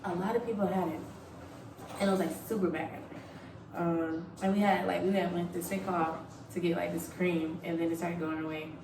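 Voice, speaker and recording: A woman's voice: fairly low pitch, fairly even intonation, brisk, distant mic. A young woman telling a casual, frank story to camera, full of "like" and "um" and free swearing. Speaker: Navy recruit sharing her boot camp experience. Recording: echoey room, voice off-mic, clear background noise.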